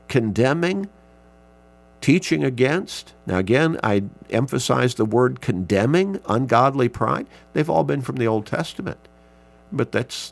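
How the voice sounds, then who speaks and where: Slow, gravelly man teaching a Bible class. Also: lowish voice. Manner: slow, measured, reads scripture aloud with emphasis. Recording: mains hum in background.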